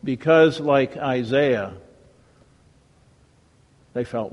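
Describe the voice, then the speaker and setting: Slow-preaching pastor in a reverberant church. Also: male voice, a little high, lively intonation, muffled recording. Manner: dramatic, swinging from raised emphasis to hushed, reverent delivery. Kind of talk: sermon.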